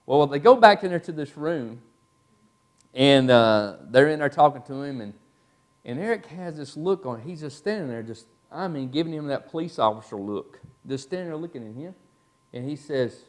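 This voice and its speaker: A man's voice: a little high, moderate pace. Folksy man telling a story to a class. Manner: folksy, animated storytelling with many fillers. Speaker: Bible class teacher. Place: church classroom.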